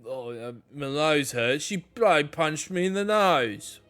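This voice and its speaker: A man's voice: fairly high pitch, expressive, unhurried, fairly bright tone, clean tone, soft background music. A man voicing a whiny male stranger complaining about his punched, bleeding nose.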